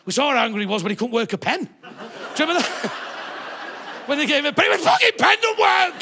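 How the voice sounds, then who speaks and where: A man doing live stand-up, his voice sitting high and leaping about as he mocks and swears. Audience noise carries clearly under him from the theatre floor. He talks loosely and conversationally, working the crowd. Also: rapid-fire. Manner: sweary, animated, mocking. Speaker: stand-up comedian.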